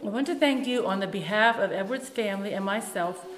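A woman's voice: mid-range voice, brisk, close to an everyday voice. A woman voicing a solemn, grateful male priest on the phone in a story she reads. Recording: echoey room with long reverb.

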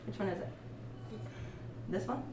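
A woman teaching a music lesson, patient and encouraging, sometimes singing short phrases to demonstrate. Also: measured pace. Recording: echoey room with faint ambient noise.

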